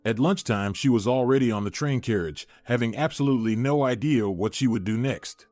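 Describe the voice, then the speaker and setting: A man narrating a scripted drama story in a steady, even storytelling manner. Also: medium pitch, fairly quick, no echo, faint music behind.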